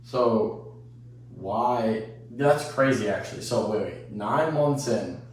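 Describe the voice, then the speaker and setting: A man's voice: lowish voice, slow pace, a little hiss or hum. A man hosting a casual podcast, rambling, provocative and laughing at himself. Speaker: podcast host. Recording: echoey room, mic at a distance.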